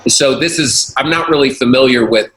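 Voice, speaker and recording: A man's voice: mid-range voice, moderate pace. A man, a comedian, telling a story in casual chat and acting out the voices of the people in it. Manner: animated, acts out quoted voices, laughs often. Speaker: comedian guest. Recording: roomy echo, faint noise.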